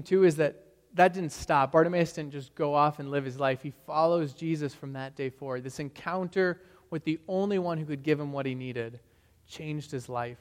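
A man preaching a sermon in an earnest manner, rising for emphasis and dropping low on key phrases. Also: long reverb tail. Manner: earnest, rising and falling emphasis, occasional stumbles. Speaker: pastor.

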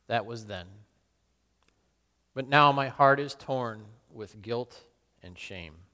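A man playing the apostle Peter, a burly fisherman full of guilt, in a solemn, halting dramatic monologue. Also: medium pitch, bright, forceful tone. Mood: remorseful. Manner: solemn, halting and self-questioning. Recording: long reverb in a large hall.

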